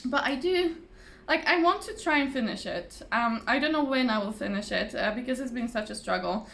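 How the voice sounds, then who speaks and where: Woman, casual craft vlogger, highish voice, rambling and chatty, slightly tired voice. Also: a little fast, gravelly, fairly bright tone. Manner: chatty, rambling, many fillers and restarts; laughs often. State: voice a little tired. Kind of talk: casual chat to camera. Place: home, at a table. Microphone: phone or camera on the table.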